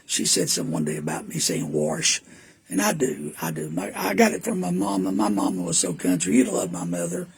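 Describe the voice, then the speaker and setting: Older preacher, gravelly, lively pitch, rambling folksy storyteller at home. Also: male voice, fast, hardly any pauses. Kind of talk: casual reminiscing monologue. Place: indoors at home.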